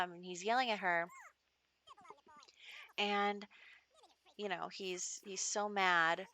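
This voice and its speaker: A woman narrates her game's storyline in a chatty, easygoing style, with plenty of "you know" and "um". Her voice is lowish yet bright and forward, and it is recorded dry and close with hardly any room sound. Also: normal speed, gravelly, long pauses, no room sound. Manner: chatty, storytelling with many fillers. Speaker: gaming channel host. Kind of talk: let's play narration.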